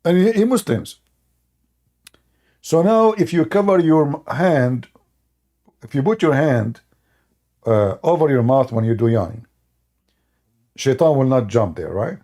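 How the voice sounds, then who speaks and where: A man's voice: medium pitch, animated, measured pace, pauses often, warm tone. A man giving a sarcastic, mocking commentary monologue in broken, non-native English, laughing at his own points. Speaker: online religion critic.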